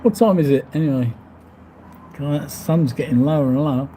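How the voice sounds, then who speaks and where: Talking a little fast in a slightly high, dark-toned voice, a vlogger reads out live chat comments, rambling, laughing often and swearing mildly. He streams casually from a hotel room overlooking the seafront, with slight background noise in the clip.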